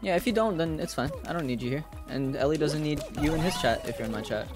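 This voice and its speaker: A young man co-streaming a video game, trading quick teasing banter with his partner. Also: a little high, animated. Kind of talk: casual live-stream gameplay chat. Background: game music.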